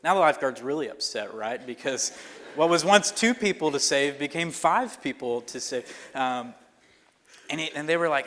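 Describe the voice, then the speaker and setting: A pastor telling a personal story in a sermon, in a loose conversational way with fillers and restarts. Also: male voice, a little high, lively intonation, normal speed, a bit bright. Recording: long reverb of a hall.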